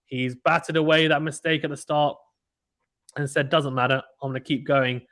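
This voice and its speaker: Excitable man calling tennis live. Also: on the high side, normal speed. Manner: chatty, excitable, reacts loudly to misses. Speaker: live stream commentator. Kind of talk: casual play-by-play commentary.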